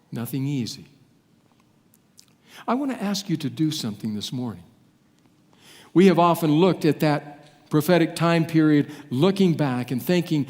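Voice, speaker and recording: A man's voice: on the high side, darkish tone. Man preaching dramatically in a reverberant hall. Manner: dramatic preaching with long pauses and falling phrase endings. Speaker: pastor. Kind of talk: sermon.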